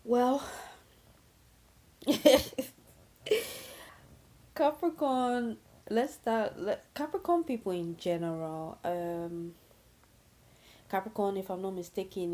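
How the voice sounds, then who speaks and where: A woman's voice: mid-range voice, fairly even intonation, slow, dark tone. A woman vlogger talking casually to camera about astrology, rambling with many fillers and restarts.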